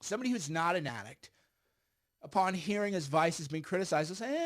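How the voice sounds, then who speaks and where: A man's voice: a little high, expressive, fast talker, fairly bright tone. A middle-aged man giving blunt, emphatic political commentary on a livestream while smoking a cigar.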